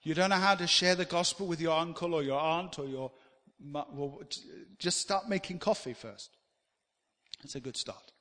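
A man preaching a sermon, animated and swinging between loud emphasis and quiet asides. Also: fairly high pitch, moderate pace. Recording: long hall reverb.

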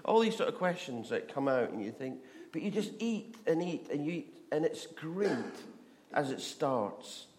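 A man's voice: fairly high pitch, animated, moderate pace, darkish tone. A man from Scotland, preaching a chatty sermon full of stories and questions to the audience. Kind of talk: sermon with humorous storytelling.

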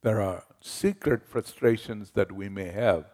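A man's voice: fairly low pitch, unhurried, darkish tone. A man as pastor, giving a conversational sermon that retells scripture in everyday words.

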